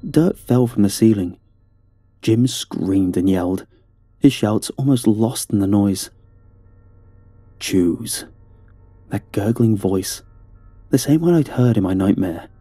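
Dark, husky male horror narrator. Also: lowish voice, lively intonation, measured pace, dry recording, soft background music. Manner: tense, dramatic storytelling. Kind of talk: first-person horror story narration.

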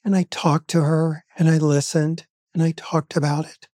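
A man's voice: on the high side, little pitch movement, normal speed, dark tone, no room sound, clean studio sound. A man speaking as a grief expert in an interview, telling stories in an earnest, emphatic way. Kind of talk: interview conversation.

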